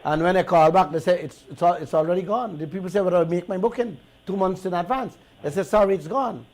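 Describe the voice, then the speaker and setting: A man with a Guyanese accent hosting a radio talk show, telling stories in an animated, indignant way and repeating himself. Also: high voice, fast talker, poor audio. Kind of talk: heated talk radio monologue.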